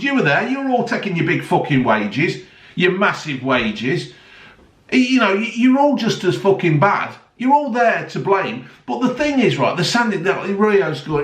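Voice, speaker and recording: A man's voice: fairly high pitch, far from the mic. A sarcastic man, ranting heatedly and swearing constantly in a vlog. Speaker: vlogger. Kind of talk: angry ranting monologue. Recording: roomy, voice a bit off-mic.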